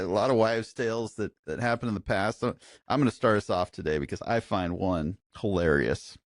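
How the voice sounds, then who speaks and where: A man's voice: deep voice, no echo, studio quality. A man co-hosting a casual podcast chat, telling funny anecdotes with frequent laughs. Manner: anecdotal, laughing, animated storyteller. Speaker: podcast co-host.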